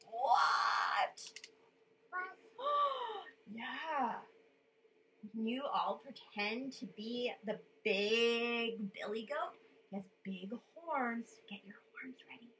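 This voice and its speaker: A woman's voice: fairly high pitch, expressive, drawn-out words, a bit bright, slight background noise, rough recording. A woman reading a children's story aloud, playful and coaxing a young listener to join in with sounds.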